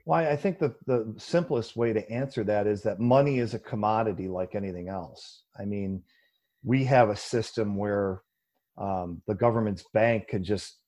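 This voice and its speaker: A man answering an interview question at length, explaining an idea in a conversational way with plenty of fillers and now and then mocking other views with a raised voice. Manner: animated, mocking quoted voices with a raised pitch, many fillers. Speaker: guest explaining economics.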